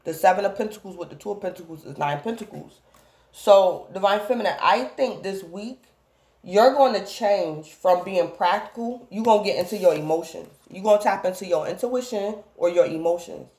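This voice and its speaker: A woman's voice: mid-range voice, normal speed, a little mellow, echoey room. A woman giving a casual tarot reading, rambling and repeatedly calling out to her viewers by the same phrase. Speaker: tarot reader.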